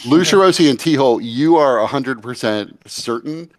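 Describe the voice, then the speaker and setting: A man narrating and refereeing a tabletop game as game master, in a casual, halting way. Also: mid-range voice, animated, crowd noise.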